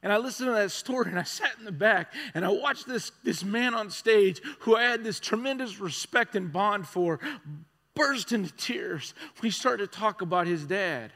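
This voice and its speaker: Man preaching, conversational storytelling, higher-pitched voice, long hall reverb. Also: normal speed. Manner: conversational storytelling, swings from loud excited to hushed. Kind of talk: storytelling sermon.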